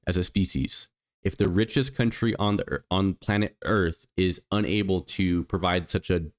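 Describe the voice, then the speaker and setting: A man hosting a political commentary show, speaking with indignant emphasis and reading out statistics. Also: lowish voice. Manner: indignant, emphatic, reads out figures. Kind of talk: opinion commentary.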